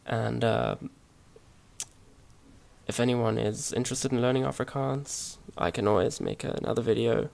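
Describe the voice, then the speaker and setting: A man explaining grammar over his slides in a relaxed, hesitant way, with many fillers and restarts. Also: medium pitch, unhurried, vocal fry. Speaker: language teacher. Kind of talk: casual slide-based language lesson.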